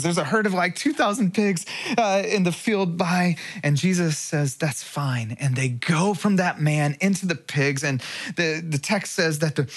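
Earnest male pastor, rather high voice. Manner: earnest preaching with rhetorical questions and lively emphasis. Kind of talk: sermon.

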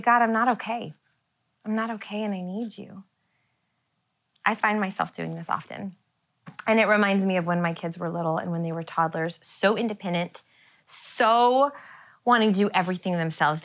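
Soft-spoken woman pastor preaching. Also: fairly high pitch. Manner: earnest, soft-spoken, drops to near whispers; laughs lightly between phrases. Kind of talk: sermon.

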